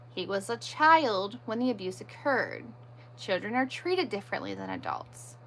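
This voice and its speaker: A woman's voice: mid-range voice, gravelly, sharp tone, a little hiss or hum. A woman hosting a live stream in casual chat, answering viewer comments and poking fun at herself, firm with pushy viewers. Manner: chatty, answers viewer comments as they come; self-deprecating.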